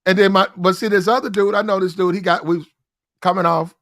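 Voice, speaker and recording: A man's voice: high-pitched, fairly even intonation, fast, a bit bright. A man telling a rambling story in casual slang on a podcast, often restarting his sentences.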